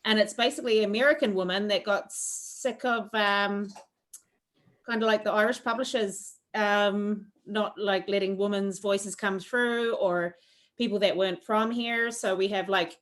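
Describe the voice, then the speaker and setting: A woman's voice: medium pitch, a bit bright. A woman teaching a cooking class over a video call, chatty and rambling with lots of fillers. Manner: rambling, friendly, with filler words.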